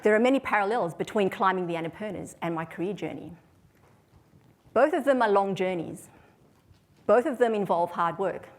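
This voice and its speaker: A woman delivers a prepared talk to an audience. She tells her story in a measured, even way, at a middle pitch. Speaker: speaker.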